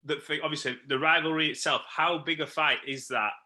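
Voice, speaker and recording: A man's voice: on the high side, fairly even intonation, brisk, pushed and bright. A man interviewing a boxer, asking brief, prompting questions.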